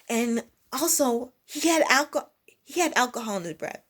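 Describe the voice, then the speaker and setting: A young woman vlogger tells a story casually and ramblingly, her voice animated and fairly bright at a moderate pace. She keeps restarting sentences and interrupting herself, mimicking other people in high, squeaky bursts.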